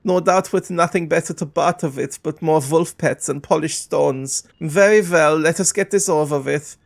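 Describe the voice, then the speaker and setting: A man's voice: on the high side, normal speed, gravelly, pitched above the performer's own voice. A man voicing a grumpy, snooty shopkeeper who sounds haughty and exasperated. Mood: irritated.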